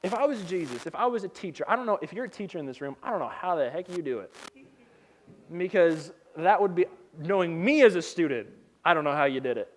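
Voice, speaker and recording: A man's voice: on the high side, lively intonation, fast talker. A male pastor giving a sermon, telling stories in a casual, humorous way with slang.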